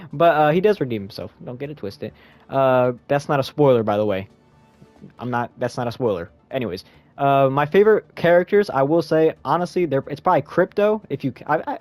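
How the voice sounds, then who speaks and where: A man's voice: a little mellow, no room sound. A young man giving a rambling, slangy spoken movie review in a casual chat style. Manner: rambling, slangy, jumps into high squeaky voice when quoting himself.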